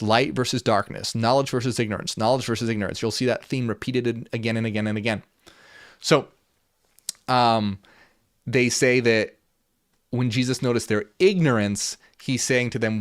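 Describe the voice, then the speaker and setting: A man's voice: medium pitch, normal speed, no echo, clean studio sound. A man hosting a talk, reading ancient passages aloud and explaining them in an earnest way that repeats itself and restarts. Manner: switches between reading passages aloud and casual paraphrase. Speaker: channel host.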